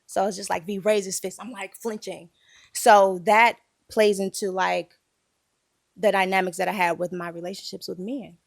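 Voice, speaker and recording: A woman's voice: medium pitch, level tone, moderate pace, creaky, no echo, studio quality. A woman telling a painful personal story in a candid group conversation, emotional and holding back tears.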